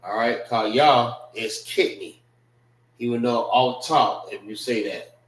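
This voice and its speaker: A man teaching an informal language class, slow and repetitive, casual in his talk. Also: medium pitch, a bit bright, far from the mic. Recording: roomy, from off-mic.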